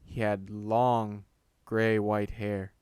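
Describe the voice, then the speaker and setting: A man reading a horror story aloud in a slow, deliberate narration. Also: on the low side, flat delivery, darkish tone, clear, resonant tone, no room sound, studio quality.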